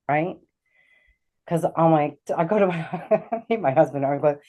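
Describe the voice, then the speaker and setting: A middle-aged woman with a low, mellow voice tells a personal story as a talk-show guest. She is animated and slips into the voices of the people she quotes. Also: a little slow. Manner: animated, acts out quoted dialogue. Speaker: guest, intuitive healer.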